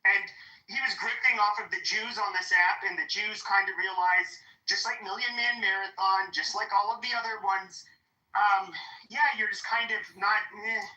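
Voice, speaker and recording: A woman's voice: mid-range voice, fairly even intonation, moderate pace, bright, forceful tone. A woman hosting a heated online audio room, talking in a combative, profane and taunting way. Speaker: host. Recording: roomy echo, online audio chat.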